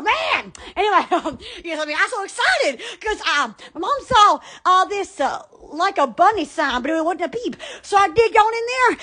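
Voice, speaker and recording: A woman's voice: very high-pitched, sharp tone. A woman from Alabama, chatting casually on a phone livestream, giggling and exclaiming often. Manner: giggly and exclamatory, frequent laughing and squealing. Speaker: social media livestreamer.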